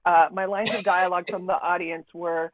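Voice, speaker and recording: A woman playwright, relaxed, reading stage directions aloud over a video call. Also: fairly low pitch, brisk, dry recording. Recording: tinny phone-like line.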